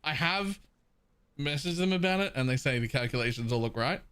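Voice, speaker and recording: A man's voice: on the high side, expressive, a little fast, fairly bright tone, clear, resonant tone. A man hosting a live game stream, talking in a blunt, offhand way and swearing now and then. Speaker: streamer host. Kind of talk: casual chat on a live stream.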